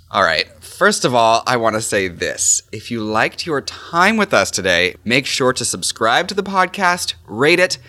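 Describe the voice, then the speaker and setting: A man hosting a podcast in a casual chat, with a playful, campy and animated way of talking. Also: medium pitch, dry recording. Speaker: podcast host.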